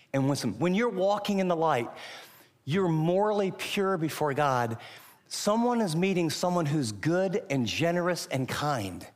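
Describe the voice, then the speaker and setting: Emphatic man preaching in a big hall. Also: on the high side. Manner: emphatic, pausing on key words. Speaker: pastor. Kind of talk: sermon.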